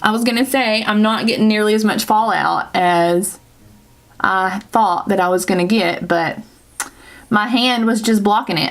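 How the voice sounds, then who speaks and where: A woman's voice: mid-range voice, moderate pace. Chatty Southern woman doing a makeup tutorial. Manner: chatty, rambling, self-correcting with laughs. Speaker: beauty vlogger.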